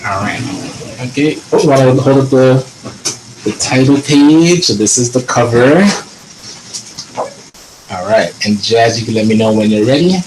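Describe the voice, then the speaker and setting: A man presenting a children's book reading over a video call, introducing it casually and gently cueing a young reader. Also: mid-range voice, unhurried, long pauses. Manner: relaxed, encouraging, guiding a young reader with short cues. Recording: echoey room with noticeable background noise.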